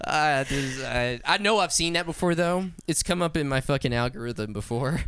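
A man's voice: medium pitch, expressive, normal speed, a bit bright, clean tone, no room sound. A young man co-hosting a casual podcast chat, swearing often and laughing as he reads quotes aloud. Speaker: podcast co-host.

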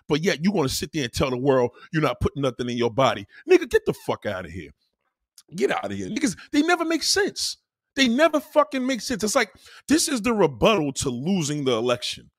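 A man's voice: fairly high pitch, no room sound, clean studio sound. A man ranting heatedly in a profane, repetitive monologue to his audience.

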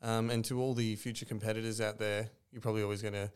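Relaxed man, smooth low voice. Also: fast talker. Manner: relaxed, earnest, thinks aloud. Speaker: podcast guest from a coffee roaster. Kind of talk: casual podcast interview.

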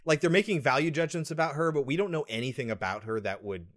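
A podcast co-host who backs up the other host with quick agreement and mocks the film in an animated, joking way. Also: medium pitch. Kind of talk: casual movie review chat.

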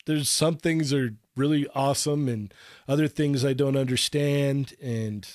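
A man's voice: mid-range voice, steady tone, a little mellow, no echo. Teasing man with a dry close voice. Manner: teasing, chuckling, drawn-out asides. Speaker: podcast co-host. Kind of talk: casual chat among collectors.

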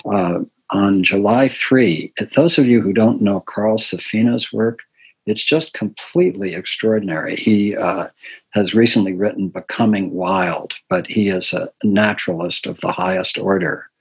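An older man hosts a community talk series and gives gentle, unhurried announcements. His voice sits very low and sounds husky, and he fills his pauses with "uh" and "um". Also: low-quality recording. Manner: soft-spoken, unhurried, with many fillers.

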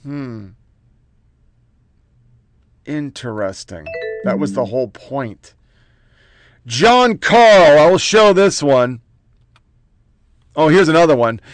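A man's voice: sits high, clean tone, dry recording. A man hosting a political commentary show, reading out headlines in short clipped bursts with profane, mocking asides.

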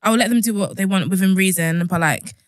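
A woman's voice: medium pitch, fast, no echo. A young woman rattles off stories from her care work, chatty and blunt, full of fillers. Her voice sits mid-range and the close recording is dry. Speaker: care worker. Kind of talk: casual conversation.

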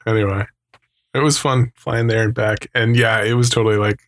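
A man's voice: lowish voice, fairly even intonation, brisk, fairly bright tone. A man in casual chat, telling a rambling, swearing story full of tangents.

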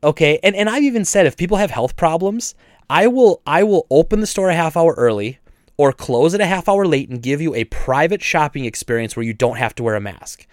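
A man's voice: fairly high pitch, brisk, no echo, studio quality. Indignant man telling a store story. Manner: animated retelling, acts out both sides with frequent restarts. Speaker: video game store owner. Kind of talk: casual storytelling chat.

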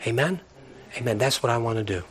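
A man's voice: medium pitch, animated, quick pace. A man preaching a sermon to his congregation, fervent and repetitive, with playful asides to listeners. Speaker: pastor.

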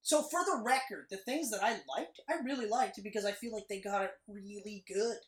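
A woman co-hosting a podcast, reviewing a movie in casual, animated chat and swearing freely. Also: mid-range voice, normal speed. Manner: animated, swearing, acts out characters' lines. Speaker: podcast co-host. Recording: echoey room.

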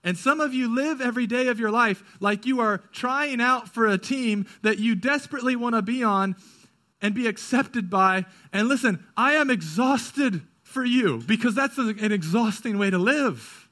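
A male pastor preaching a sermon, moving from quick, urgent stretches to hushed, slow ones. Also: very high voice.

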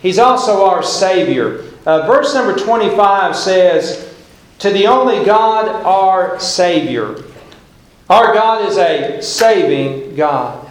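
A middle-aged man preaching a sermon as pastor, telling folksy stories with dramatic pauses. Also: high-pitched, lively intonation. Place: church sanctuary. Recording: echoey church hall.

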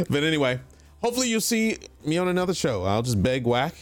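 A man's voice: on the high side, sing-song, fast. A man who plays in a tabletop game show, chatting casually and rambling with lots of fillers as he signs off. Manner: rambling, laughing, filler-heavy. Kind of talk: casual farewell chat.

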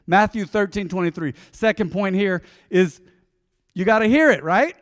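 A man's voice: high-pitched, normal speed. A middle-aged man preaching a sermon as pastor, folksy and storytelling, acting out quoted voices. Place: church sanctuary. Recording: long hall reverb.

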